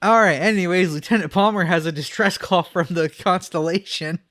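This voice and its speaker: A man's voice: high-pitched, normal speed, a bit bright. A man co-hosting a podcast in casual chat, giving short replies and laid-back plot recaps. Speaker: podcast co-host.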